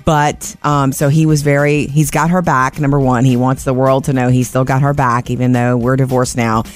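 A woman's voice: very deep voice, little pitch movement, moderate pace, soft background music. A woman co-hosting a morning radio show, chatting upbeat about celebrity news. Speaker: radio show entertainment reporter. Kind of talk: casual morning radio chat.

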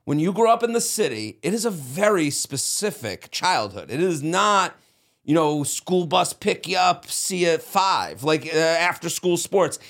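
Man from outside Boston, slightly high voice, animated podcast chat, laughs a lot. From outside of Boston, Massachusetts. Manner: animated, laughing, quick asides and self-interruptions.

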